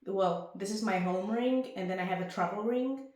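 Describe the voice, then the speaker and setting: A young woman vlogging to camera in a rambling, chatty way at home, with bursts of excitement. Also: medium pitch, moderate pace. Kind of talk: casual chat to camera. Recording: very echoey room.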